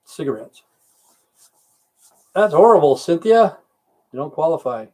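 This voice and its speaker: A middle-aged man, a military veteran, reads viewer comments aloud on his casual livestream and responds in a grumbling, rambling, profane way. His mellow voice is a little high and expressive, moving at a moderate pace with long pauses.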